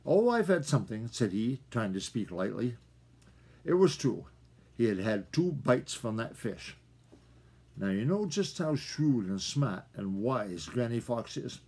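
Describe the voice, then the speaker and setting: Husky grandfather reading a storybook. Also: fairly low pitch, animated, a little slow, darkish tone. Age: older. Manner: folksy, chatty asides to listeners. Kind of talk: reading a children's story aloud.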